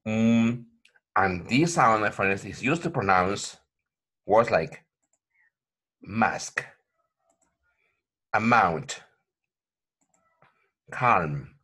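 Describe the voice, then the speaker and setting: Husky man teaching pronunciation. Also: lowish voice, lively intonation, takes it slowly, a bit bright. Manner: repetitive, addresses viewers as my friends, frequent okay. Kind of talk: online language lesson.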